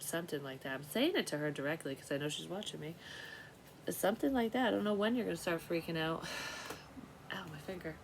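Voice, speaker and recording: Woman vlogger, low voice, rambling and profane, faint hiss behind. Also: low-quality recording. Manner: profane, scattered, talks to herself, drops into whispers. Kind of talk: rambling psychic vlog monologue.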